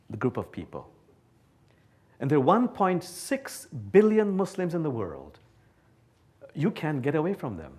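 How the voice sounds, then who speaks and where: A man from Bangladesh, giving an animated, playful public lecture to a live audience. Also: a little high. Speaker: guest speaker. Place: talk before a live audience.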